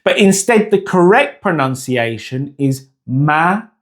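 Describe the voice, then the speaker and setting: A man delivers a scripted pronunciation lesson in an unhurried, deliberate way. His pitch rises and falls a lot, and he stretches out each example word so it can be heard clearly. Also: very animated. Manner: clear, deliberate, drawing out example words slowly. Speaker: language teacher.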